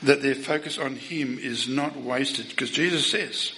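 Bright-voiced man preaching a sermon. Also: mid-range voice, unhurried, low-quality recording. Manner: asks the listeners rhetorical questions; emphatic, swings between loud and soft.

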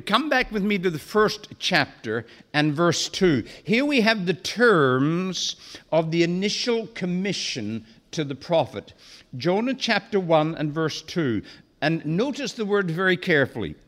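A male preacher delivering a sermon in a high, lively voice. He speaks slowly and deliberately, and he stretches out the key phrases for emphasis. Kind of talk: expository sermon.

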